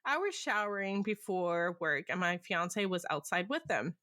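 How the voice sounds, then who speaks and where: Husky giggly woman reading stories. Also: on the low side, lively intonation, normal speed, bright, forceful tone, no room sound, studio quality. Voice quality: husky smoker's voice. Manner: giggly, laughs often while reading. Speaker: podcast co-host. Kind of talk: casual chat reading listener stories.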